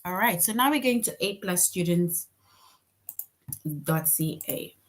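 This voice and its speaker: Woman teacher talking real slow, walks kids thru examples, patient. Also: lowish voice, expressive. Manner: patient, explaining with questions and examples. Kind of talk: online class lesson.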